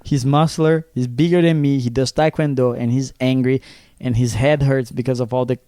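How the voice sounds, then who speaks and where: A young man from Brazil co-hosting a podcast, telling a story in a casual, animated way, acting out the people in it and swearing freely. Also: medium pitch, a little fast, clean tone, no echo, studio quality. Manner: animated, acts out quoted voices, swears freely. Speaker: podcast co-host.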